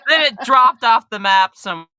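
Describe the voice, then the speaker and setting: Lively, bright-voiced woman podcast host. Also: mid-range voice, normal speed, dry recording, studio quality. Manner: chatty, laughs often, playful. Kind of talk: casual interview chat.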